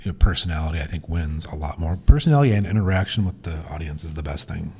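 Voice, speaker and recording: A man's voice: rumbling low, lively intonation, fast, dark tone, slightly rough. A man talking as a podcast guest in casual chat, explaining things at length in a matter-of-fact way.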